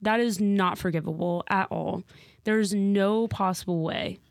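A young woman co-hosting a casual gossip chat, reacting emphatically with quick interjections. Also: mid-range voice, gravelly, no echo, clean studio sound. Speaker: co-host.

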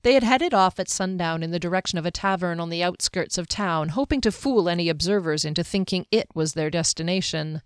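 A woman narrating an audiobook with a steady, even storytelling manner. Her voice sits low. The recording is close and dry. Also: a little fast, hardly any pauses, clear, resonant tone, dry recording.

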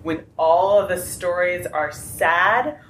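A woman's voice: on the low side, slow pace, a bit bright. A woman speaking on a convention panel, impassioned and rambling with restarts. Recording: echoey room with faint noise.

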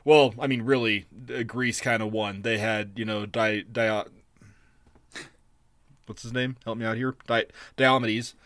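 A man's voice: fairly low pitch, steady tone, measured pace, a bit bright, dry recording. A man co-hosting a podcast, casually retelling an epic with jokes, swearing and lots of fillers. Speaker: podcast co-host. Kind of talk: casual chat.

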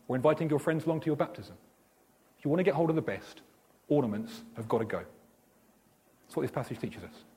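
A man preaching a sermon, telling stories and acting out the dialogue. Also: on the high side. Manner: animated storytelling, acts out dialogue.

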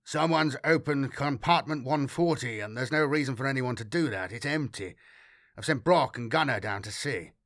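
A man voicing a grim, wary male ship's officer who reports in a low, guarded, matter-of-fact way. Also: moderate pace, fairly bright tone, lightly acted. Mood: troubled.

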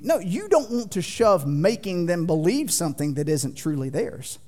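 A man in his thirties preaching a sermon in a church, folksy and joking with the congregation, swinging from loud to quiet. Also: sits high, lively intonation, normal speed, hardly any pauses. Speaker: pastor. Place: church sanctuary.

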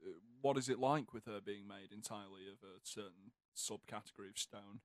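A man co-hosting a casual podcast chat, trading quick-witted jokes and asides. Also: lowish voice, dry recording, studio quality. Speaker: podcast co-host.

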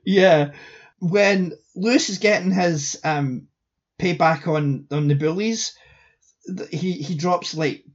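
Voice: mid-range voice, slow, lo-fi sound. A podcast co-host chatting casually about a film, wry and blunt, swearing offhandedly. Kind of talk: casual chat.

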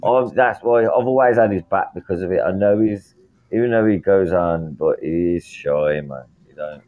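A very deep-voiced British man in casual chat, blunt and heavy on the swearing. The sound is dull and lo-fi. He rattles on excitably. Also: moderate pace.

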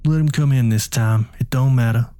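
A man's voice: mid-range voice, normal speed, dark tone, lightly acted. A man voicing a frightened, hard-drinking woman park ranger whose voice mumbles and cracks. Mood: drowsy.

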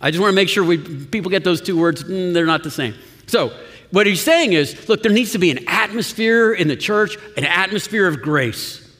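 High-voiced pastor preaching in a hall. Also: male voice, animated, normal speed, fairly bright tone. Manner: conversational, chuckling, frequent restarts. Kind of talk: sermon. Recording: long reverb of a church hall.

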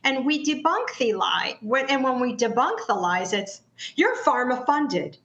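A woman's voice: on the high side, lively intonation, normal speed, a bit bright, reverberant, lo-fi sound. A woman speaking as a guest in an interview, arguing emphatically and firing off rhetorical questions. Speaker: patient advocate guest. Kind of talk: heated interview talk.

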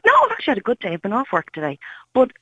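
A woman's voice: a little high, wildly swooping pitch, very fast, pushed and bright, breathy edge, no room sound, muffled recording. An Irish woman calling in to a radio phone-in, talking with passion and indignation, blunt about what she thinks. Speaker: caller.

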